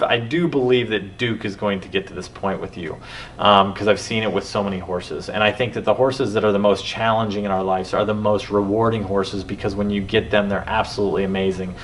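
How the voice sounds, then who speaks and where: Rambling low-voiced man, distant mic. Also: a little fast. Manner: rambling, animated storytelling with many restarts. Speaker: podcast host. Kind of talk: casual conversation. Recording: distant mic with faint background noise.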